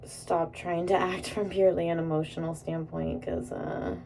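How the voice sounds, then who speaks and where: Young woman chatting while doing her makeup, kinda gravelly, giggles and swears a lot, a bit far from the phone. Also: fairly low pitch, level tone, normal speed, dark tone, slight background noise. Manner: rambling, giggly, swears freely. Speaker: vlogger. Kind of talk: casual vlog chat while doing makeup. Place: indoors at home.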